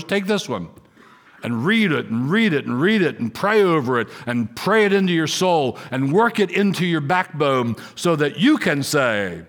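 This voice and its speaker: A middle-aged man preaching a sermon to a congregation in a church, earnest and repetitive, dropping low for asides. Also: a bit bright. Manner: earnest, repeats key words, drops low for asides. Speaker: pastor.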